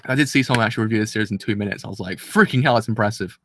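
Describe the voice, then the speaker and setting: A young man casually reviewing an anime episode, rambling and excitable, with many restarts. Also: fairly low pitch, racing, slight background noise.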